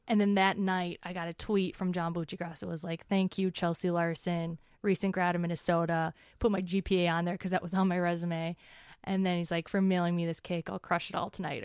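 Lively young woman telling a story. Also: lowish voice, smooth, no room sound, clean studio sound. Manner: animated, chatty storyteller acting out quotes. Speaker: guest. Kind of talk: casual interview storytelling.

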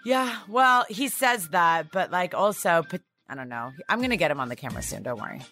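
A woman's voice: lowish voice, expressive, fairly quick, pushed and bright, soft background music. A woman in her thirties chatting as a podcast guest, telling stories in a bubbly way with lots of fillers. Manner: bubbly storyteller, lots of likes. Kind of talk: casual chat.

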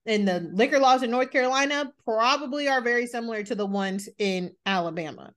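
A woman from the American South, co-hosting a podcast in casual chat, emphatic and expressive. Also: fairly high pitch, fairly quick. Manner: emphatic and expressive, with frequent agreeing interjections. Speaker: podcast co-host.

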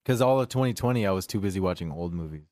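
A man's voice: low-pitched, expressive, racing, darkish tone, dry recording, clean studio sound. A man in his forties, a podcast co-host, rambling loosely and swearing in casual chat.

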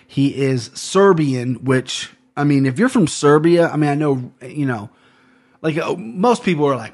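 A man's voice: medium pitch, lively intonation, normal speed, a little mellow. A man hosting a podcast, chatting casually and rambling through fight picks, swearing now and then and joking at his own expense. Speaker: podcast host. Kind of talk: casual sports betting chat.

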